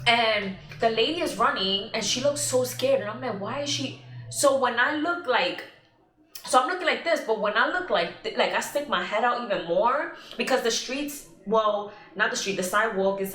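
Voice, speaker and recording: A woman's voice: a little high, expressive, normal speed, a bit bright. A young woman vlogger telling an emotional story in a casual, rambling way, with many fillers. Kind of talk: casual storytelling while eating. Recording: echoey room.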